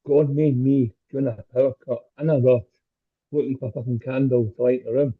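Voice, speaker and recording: A man's voice: mid-range voice, fairly even intonation, brisk, slightly rough. A Scottish man doing a stand-up set over a video call, with crude, self-deprecating punchlines. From Scotland. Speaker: stand-up comedian. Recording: tinny phone-like call audio.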